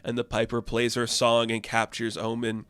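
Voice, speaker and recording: Young male comic reviewer, casual recap, animated, acts out the quotes, dry close sound. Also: medium pitch, normal speed, clear, resonant tone, dry recording. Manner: animated, acts out characters' lines.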